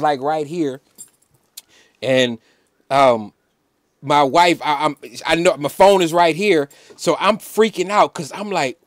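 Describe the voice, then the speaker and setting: A man, a musician guest on an interview show, telling a personal story in an animated, emphatic way, full of "like" fillers. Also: fairly high pitch, no room sound, clean studio sound. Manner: emphatic, preacher-like insistence.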